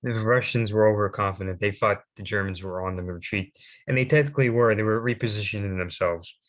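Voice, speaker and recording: Young guy with a real low voice stumbling through his slides, lots of ums and restarts. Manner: halting, many fillers and restarts. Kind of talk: unscripted history presentation with slides.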